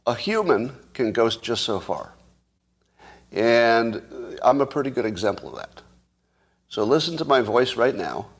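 A man in his fifties or older with a slightly husky, lowish voice hosts his own show, talking straight to his viewers. He is playfully boastful and fond of hyperbole. He deliberately moves between a slow, soothing calm and a faster, worked-up delivery. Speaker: show host. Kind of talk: casual monologue to viewers.

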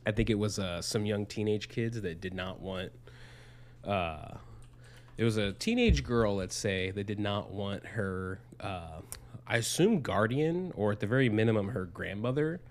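A man's voice: on the low side, a little hiss or hum. A young man casually telling a rambling, profane story on a podcast, with lots of fillers. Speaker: podcast co-host. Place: Arizona.

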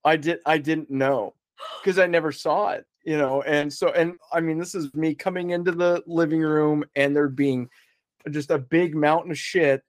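A man's voice: a little high, steady tone, moderate pace, dry recording. A man telling a story as a podcast guest in a rambling, casual way, swearing freely and laughing along.

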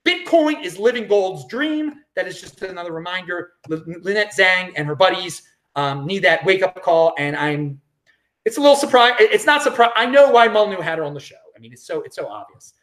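A man's voice: sits high, expressive, fairly quick, fairly bright tone. A man hosting a solo podcast, giving an opinionated, rambling monologue full of restarts. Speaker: podcast host.

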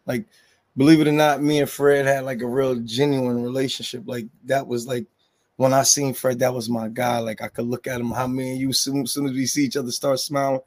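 A man's voice: medium pitch, level tone, a little fast, a little mellow. Joking New man telling stories. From New Jersey. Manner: loose and joking, storytelling, with slang and restarts. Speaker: music label head. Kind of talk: casual interview talk.

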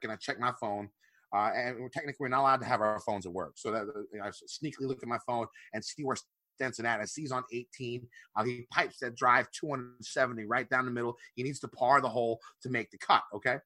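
A man with a bright, forceful voice tells a long, swearing-laced story in casual podcast chat. His delivery is loose and animated, recorded close and dry with no room sound. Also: medium pitch, no echo. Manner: profane, animated anecdote telling. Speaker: podcast co-host.

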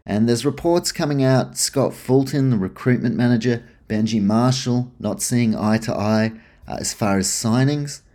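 Man, mellow dark voice, casual sports chat, blunt, swears, frustrated rants. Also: medium pitch, normal speed. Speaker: sports podcast host.

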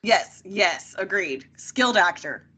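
A woman's voice: mid-range voice, lively intonation, slow, bright, forceful tone, breathy edge. A woman chatting casually as a podcast guest, recapping a TV episode with frequent laughter. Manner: laughs often, chatty and amused.

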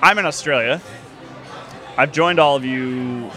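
A man's voice: mid-range voice, a little slow, bright, forceful tone, soft background music. A man hosting a podcast in a casual, joking, conversational way, recorded in a tavern. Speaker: podcast host.

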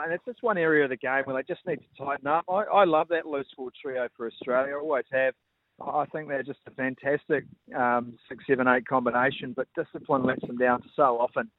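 A man's voice: mid-range voice, no echo. A man from New Zealand, a sports presenter, giving fluent rugby analysis as a guest on a radio show. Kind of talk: sports radio interview on phone line. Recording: tinny phone line.

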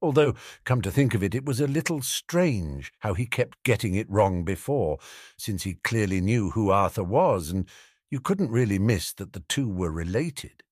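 A man's voice: on the low side, expressive, normal speed, darkish tone, husky, no echo, studio quality. A man reading a fan fiction story aloud as audiobook narration. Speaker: audiobook reader.

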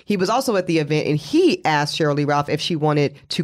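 A man co-hosting a podcast, talking through celebrity news in casual chat, animated and quick with asides and laughter. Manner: animated, pitch jumping high for emphasis, quick asides and laughs. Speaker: podcast co-host. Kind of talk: casual pop-culture chat.

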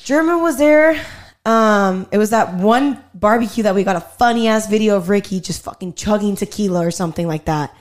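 A woman with a mid-range voice talks briskly as she tells a story in casual conversation. She's animated, swears freely, and acts out what people said.

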